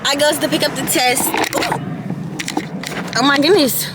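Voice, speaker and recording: A woman's voice: high voice, steady tone, fairly quick, very noisy. Chatty eighteen-year-old woman telling a story. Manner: chatty, rambling, many "like" and "y'all" asides. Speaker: vlogger. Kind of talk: casual storytime monologue. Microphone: camera mic.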